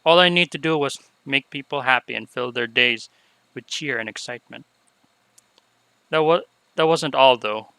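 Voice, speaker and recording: A man's voice: mid-range voice, normal speed, creaky, clean tone, dry recording, low-quality recording. A man reading as a remorseful young unicorn mare. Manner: soft, subdued confessional reading. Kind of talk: reading game dialogue aloud.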